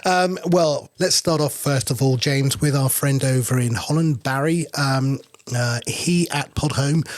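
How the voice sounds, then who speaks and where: Easygoing co-host, dry sound. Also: male voice, mid-range voice, dry recording. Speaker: podcast co-host. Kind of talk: casual podcast chat.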